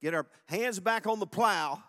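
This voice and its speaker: Male pastor, lively pulpit delivery with big swings in volume and pace, leads call-and-response. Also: sits high. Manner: swings from loud, fast exhortation to soft, slow reflection; calls on the congregation to repeat phrases. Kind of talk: sermon. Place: church sanctuary before a congregation.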